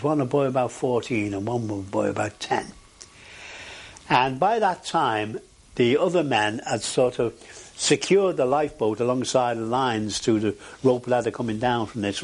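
An older man with a husky voice, recounting his experiences in a recorded interview with frequent hesitations. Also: mid-range voice. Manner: animated storytelling with frequent hesitations. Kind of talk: oral history recollection.

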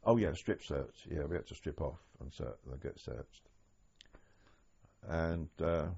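An older man recalling wartime memories in an oral history interview, speaking haltingly with many restarts. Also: very deep voice, vocal fry, a little mellow, slightly rough. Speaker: interviewee, former prisoner of war. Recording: dull lo-fi archive tape.

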